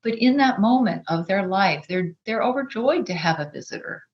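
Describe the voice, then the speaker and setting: A woman's voice: medium pitch, expressive, normal speed, dull audio. A woman author talking as a podcast guest, earnest and reflective, often restarting her sentences. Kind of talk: podcast interview conversation.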